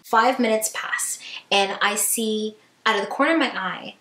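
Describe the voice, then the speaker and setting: A woman vlogger telling a story in a lively, chatty way, full of fillers and acted-out quotes. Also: mid-range voice, moderate pace, echoey room. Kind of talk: storytime vlog.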